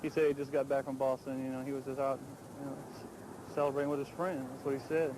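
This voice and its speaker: A man's voice: mid-range voice, fast, background noise. A man interviewed for the news, recounting an encounter in a plain, hesitant way. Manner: plain, flat, hesitant with fillers. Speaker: interviewed witness.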